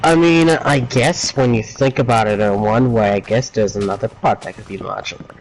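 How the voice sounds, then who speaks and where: Male guest, playful teasing chat, mid pitch, faint hiss. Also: moderate pace, low-quality recording. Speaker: guest on stream. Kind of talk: casual voice chat.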